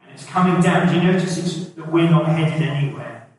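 A man's voice: a little high, fairly quick, a little mellow, recorded from a distance, a little hiss or hum. Male preacher in an echoey hall. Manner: conversational, asks the congregation questions. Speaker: pastor. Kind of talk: sermon. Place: church hall.

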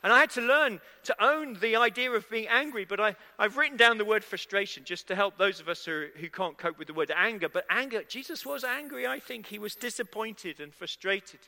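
A man's voice: high voice, fairly quick, few pauses, bright, forceful tone. A man preaching a sermon to a congregation, talking conversationally and asking them questions. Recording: echoey hall with long reverb.

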